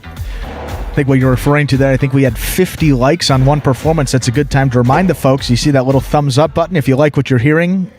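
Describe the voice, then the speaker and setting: A man's voice: mid-range voice, fairly even intonation, fast talker, a little mellow. Easygoing male co-commentator, music behind. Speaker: jai-alai co-commentator. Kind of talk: live sports commentary and banter.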